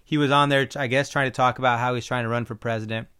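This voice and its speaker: A man's voice: mid-range voice, steady tone, fast, sharp tone, clean tone. A man hosting his own podcast in a casual, opinionated solo talk, rambling with frequent ums. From Iowa. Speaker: podcast host.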